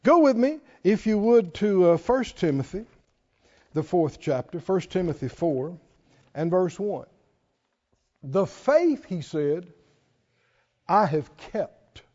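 A man preaching a sermon, folksy and emphatic, drawing out scripture quotes slowly and asking his listeners questions. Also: high voice, sing-song, a little mellow. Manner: folksy, asks the audience questions. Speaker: pastor. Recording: dull lo-fi recording in a reverberant hall.

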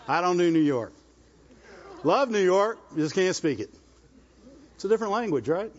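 A man preaches in a high voice with a rural Southern US accent, building up in repeated exhortations and checking in with his congregation. The recording is dull and lo-fi. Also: expressive, moderate pace. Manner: exhorting, repetitive, asks the congregation "Amen?". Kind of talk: sermon.

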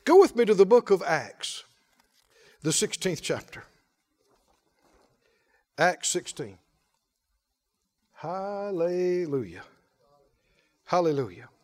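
A male pastor preaching a lively sermon, often laughing and calling out to the congregation. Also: high voice, slow pace, long pauses. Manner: animated, laughing, call-and-response preaching.

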